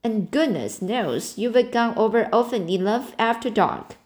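A woman reading the part of a stern, practical older spinster in an audiobook, in a brisk, scolding manner. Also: on the high side, lively intonation, a little mellow.

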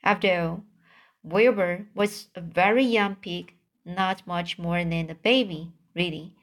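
A woman reading a children's novel aloud as an audiobook, careful and deliberate, now and then tripping and restarting a word. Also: lowish voice, fairly even intonation. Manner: slow, careful reading with occasional slips and restarts. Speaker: audiobook reader. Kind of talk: storybook narration.

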